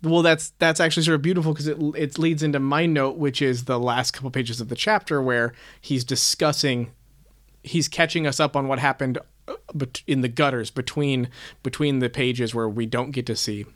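A man's voice: medium pitch, fairly even intonation, normal speed, a bit bright. A man co-hosting a casual book-discussion chat, talking in a thoughtful, self-questioning way. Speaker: podcast co-host.

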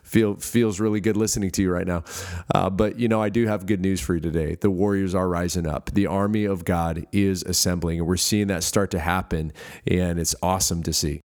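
A man's voice: low-pitched, steady tone, brisk, a little mellow. A middle-aged man from the United States preaching a sermon as pastor, earnest, with frequent fillers and restarts. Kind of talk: podcast sermon.

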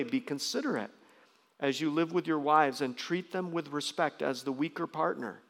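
A man preaching a sermon as pastor, emphatic, often jumping into loud, high bursts. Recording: long reverb of a large hall.

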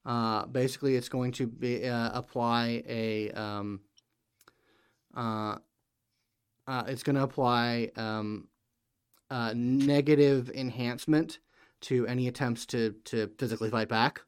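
A man running a tabletop game as game master, narrating in a halting way full of fillers. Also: medium pitch, fairly even intonation, clear, resonant tone.

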